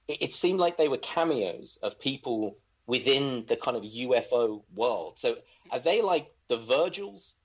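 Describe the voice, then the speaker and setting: A man's voice: mid-range voice, expressive, a little slow, few pauses, breathy edge. A man co-hosting a casual movie podcast, rambling and joking with lots of restarts. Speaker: podcast co-host. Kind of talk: casual movie-review chat. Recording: dull lo-fi sound.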